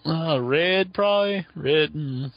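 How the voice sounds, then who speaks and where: A man's voice: fairly high pitch, slow, dry recording. A man hosting a wrestling talk radio show, casual and crude, joking and laughing often. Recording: dull lo-fi sound, dry.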